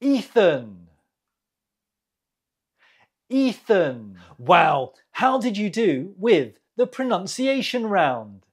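Hosting a quiz, this English teacher speaks at a very slow pace in a husky, medium-pitched voice full of animated intonation. Each word gets clearly said twice for the learners, followed by a pause for whoever is listening.

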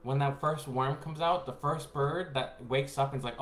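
A man telling a rambling personal story to his viewers. He laughs often and swings between hushed asides and excited bursts. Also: mid-range voice, moderate pace. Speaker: spiritual reader and vlogger. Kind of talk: casual rambling storytelling to camera. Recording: echoey room with faint background noise.

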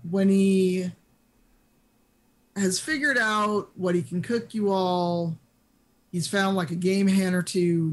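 Easygoing tabletop game master narrating. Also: mid-range voice.

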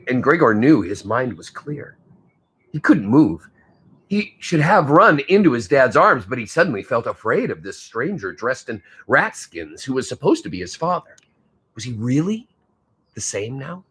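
A man's voice: on the low side, fairly bright tone, slightly rough. A male teacher reading a novel aloud to his class, stopping now and then to comment on the story.

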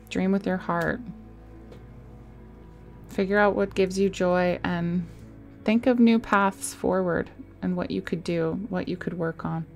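A woman giving a casual tarot reading into a desk microphone, soft and reassuring, with sighs and small laughs. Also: lowish voice, creaky. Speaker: tarot reader.

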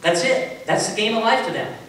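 Man, pastor, high voice, chatty sermon storytelling, distant mic, booming church echo. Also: expressive, a little fast, fairly bright tone. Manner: conversational storytelling with self-mocking humor. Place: large echoey church sanctuary. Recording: echoey hall from far off with faint hiss.

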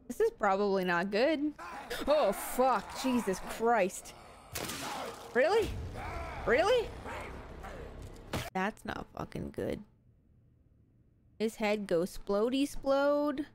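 Woman game streamer, lively swooping voice, foul-mouthed running commentary on horror games. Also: fairly high pitch, slow pace, noisy background. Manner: swears freely, chatty and expressive. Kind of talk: live reactions to horror games.

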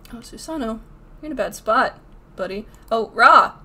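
A woman's voice: a little high, a little hiss or hum. A young woman streaming a video game, swearing and trash-talking as she plays. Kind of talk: live gameplay commentary.

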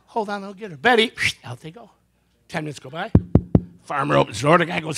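A man's voice: a little high, sing-song, quick pace, creaky, fairly bright tone, breathy edge. A man performing stand-up comedy and magic on stage, telling jokes with punchy timing and brief character voices.

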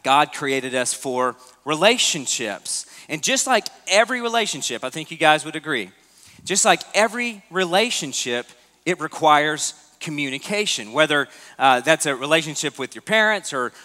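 A man's voice: on the high side, bright, forceful tone. A pastor giving a sermon, talking in a casual way and putting questions to his congregation. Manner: conversational preaching, asks the congregation questions. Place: church auditorium. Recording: long hall reverb.

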